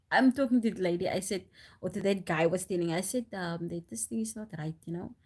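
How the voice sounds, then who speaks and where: A woman chatting on a live stream, telling stories in an animated, rambling way with restarts and frequent laughs, into a phone. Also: on the low side, moderate pace, slightly rough. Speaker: livestreamer. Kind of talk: casual storytelling on a live stream.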